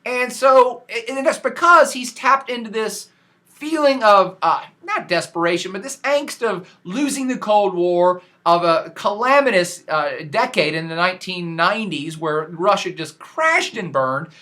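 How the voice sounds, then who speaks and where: A man giving a casual podcast lecture on world affairs as a professor, animated and slangy, emphatic and often restarting his sentences. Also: high voice, measured pace.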